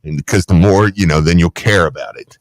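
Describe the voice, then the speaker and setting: A man's voice: sits low, no room sound. A man co-hosting a podcast in casual chat, teasing a friend and acting out other people's lines. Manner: teasing, acts out other people in quick voices. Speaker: podcast co-host.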